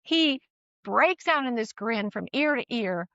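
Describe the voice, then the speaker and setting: A middle-aged woman tells a personal story in relaxed conversation, with a slightly high voice. She is animated and often restarts her sentences, with bits of laughter in between. The sound is dry and a little dull. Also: moderate pace, no echo. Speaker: guest sharing a parenting story.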